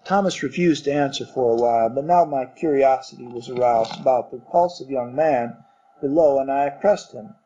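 A man narrating a literary story in a measured reading voice. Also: medium pitch, warm tone, slightly rough. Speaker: audiobook narrator. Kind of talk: scripted narration. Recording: dull muffled recording.

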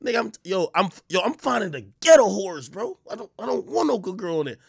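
Male streamer, high and animated, gravelly edge, loud crude storytelling, dry close sound. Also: a little fast, no echo. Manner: loud, laughing, crude storytelling with sudden yelps. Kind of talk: casual livestream chat.

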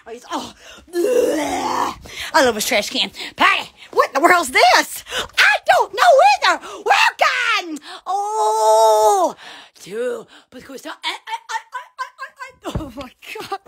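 A woman's voice: high-pitched, very animated, unhurried, fairly bright tone. A woman hosting a casual livestream, giggly and rambling with frequent exclamations. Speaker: livestream host. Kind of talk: casual Instagram livestream chat.

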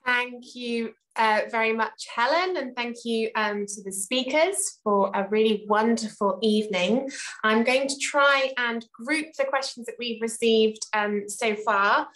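Polite woman moderator, slightly high voice. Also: a bit bright, rough recording. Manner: measured and polite, halting with fillers. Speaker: panel moderator, head of drama. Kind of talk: moderating questions.

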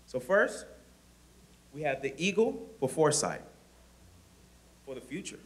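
A man's voice: fairly high pitch, very animated, unhurried. A man, an outreach manager, presenting his organization's core values to school students and going through them one by one. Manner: explaining clearly, listing items.

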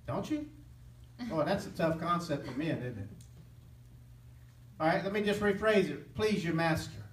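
High-voiced preacher prompting his congregation. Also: animated, normal speed, a little hiss or hum. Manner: call-and-response, prompting listeners to finish phrases; earnest and impassioned. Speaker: Bible teacher. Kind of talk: interactive sermon. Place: church hall with live listeners. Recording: echoey room from a distant mic.

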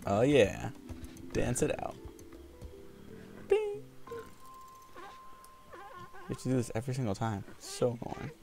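A man casually commenting while playing a video game, sick with a cold, chatty, often laughing and quickly getting frustrated. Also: medium pitch, wildly swooping pitch, vocal fry, over music. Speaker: gameplay video host. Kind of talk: casual let's play commentary.

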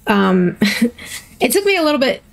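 A high-voiced woman narrates her gameplay at an unhurried pace. She chats to herself and reacts playfully. It is casual let's-play commentary. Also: sing-song, creaky. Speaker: gaming video host.

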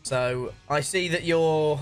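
A man's voice: a little high, takes it slowly, clear, resonant tone, soft background music. A man hosting a casual football video game chat, jokey and calling his guest "mate". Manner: chatty, jokey, says "mate" a lot. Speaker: gaming channel host.

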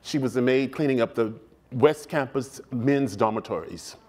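A man in his sixties sits as a guest in a live stage interview. His voice sits in a middle register. He recalls his childhood in a measured, stately way, lingering on vivid details. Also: medium pitch, a little mellow. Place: stage before a live audience.

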